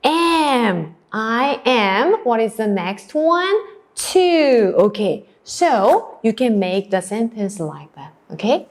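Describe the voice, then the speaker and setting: A young woman runs a lively children's class. Her voice sits fairly high and swoops up and down, and she stretches key words for emphasis. She praises and prompts in quick bursts. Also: gravelly. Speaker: English teacher and teacher trainer. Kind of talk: demo class for young children, then teacher briefing.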